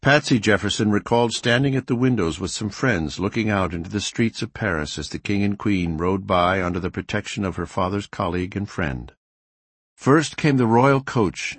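A man reading a nonfiction history audiobook in a measured, expressive narration style. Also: fairly low pitch, husky, no room sound.

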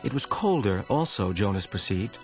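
A man narrating a novel in a measured storytelling manner. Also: big pitch swings, a little mellow, faint music behind. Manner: measured storytelling, rising in pitch during tense passages. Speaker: audiobook narrator. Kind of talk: scripted narration.

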